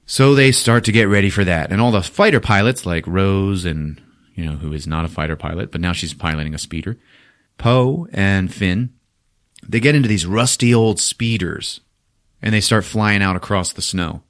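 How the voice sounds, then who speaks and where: A man hosting a podcast, recapping a movie in an animated, profane, casual way. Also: low voice, normal speed. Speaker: podcast host.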